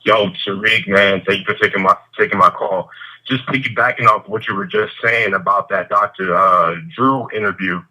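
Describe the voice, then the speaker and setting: A man calls into a radio talk show with a relaxed, supportive comment. His voice is fairly low, with a very sharp, tense edge. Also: moderate pace, low-quality recording. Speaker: caller. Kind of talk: phone-in comment.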